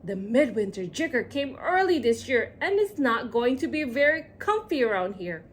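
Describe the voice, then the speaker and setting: A woman voicing a panicky storybook man in a rain slicker, yelling a warning in a raised voice. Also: a little high, very animated, normal speed, slight background noise. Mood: alarmed. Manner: yelling, alarmed.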